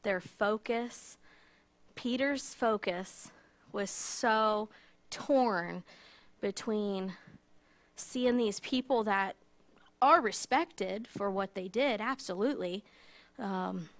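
A woman telling a Bible story in a casual, animated way, full of fillers and asides, as a teacher. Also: mid-range voice, takes it slowly, long pauses. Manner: chatty, animated, many fillers.

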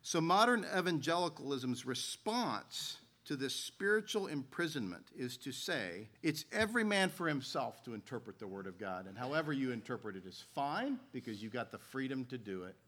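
A man's voice: medium pitch, big pitch swings, moderate pace, few pauses, bright, forceful tone. A man preaching a sermon as a pastor, telling stories and reading scripture aloud in an earnest way.

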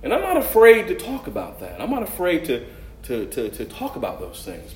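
A man preaching a sermon as pastor, with loud stressed words and quiet asides. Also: a little high, huge pitch swings, fairly quick, echoey room, a little hiss or hum.

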